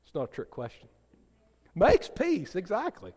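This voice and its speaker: Animated high-voiced male pastor preaching. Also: moderate pace, slightly rough. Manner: animated preaching, drops to soft gentle tones for emphasis; asks the congregation questions and teases a listener. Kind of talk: sermon. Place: church sanctuary. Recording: long hall reverb.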